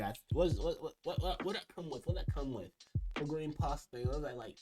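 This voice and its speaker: A man's voice: on the high side, animated, fast. A young man talking casually as he ranks food, rambling and restarting his sentences. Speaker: video creator ranking food. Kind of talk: casual commentary. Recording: music playing behind.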